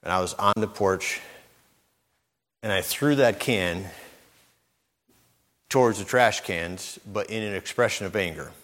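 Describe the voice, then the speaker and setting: A middle-aged man delivers a sermon in a relaxed, conversational way, often repeating words and acting out the voices of the people in his stories. His voice sits very low. It rings with the long reverb of a large hall. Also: unhurried, pauses often. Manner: conversational, repeats words, acts out quoted speech. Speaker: preacher.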